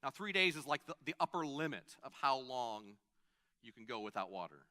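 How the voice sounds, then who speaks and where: A man's voice: mid-range voice, sing-song, normal speed, sharp tone. A man preaching a sermon in a conversational way, stopping to restart phrases and add asides. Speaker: pastor.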